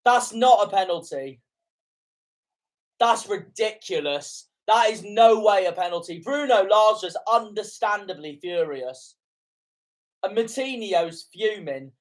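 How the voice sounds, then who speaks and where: A man's voice: high voice, lively intonation, slow pace. A young man giving live reaction commentary on a football match, often indignant and swearing at the referee's calls. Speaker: fan commentator.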